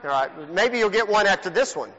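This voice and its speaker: Male pastor, high and bright, joking game host; long church reverb, muffled audio. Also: a little fast. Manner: teasing, joking, animated. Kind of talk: playful game hosting to a congregation. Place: church sanctuary. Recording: long hall reverb, dull lo-fi sound.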